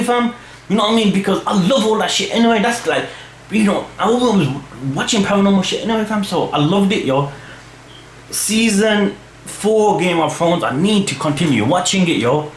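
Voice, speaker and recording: A young man, rambling casually in slang as he answers fan questions for his channel. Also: sits high. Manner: slangy, rambling, full of "fam" and "you know what I mean". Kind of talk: casual chat. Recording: echoey room with faint hum.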